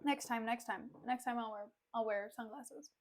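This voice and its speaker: A woman's voice: on the high side, moderate pace. A woman streamer chatting casually and expressively between play readings, with frequent laughs and asides.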